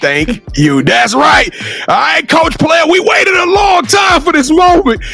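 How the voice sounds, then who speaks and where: A man from Louisiana hosts a sports talk show with a strikingly high, gravelly voice. He is loud and excitable, firing up the audience and often shouting. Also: unhurried, soft background music. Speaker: podcast host. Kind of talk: hype talk-show hosting.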